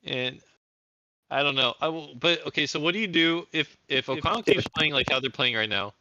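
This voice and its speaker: A man's voice: on the high side, brisk, lo-fi sound, noisy background. A young man co-hosting a casual sports podcast in a laid-back way. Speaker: podcast co-host.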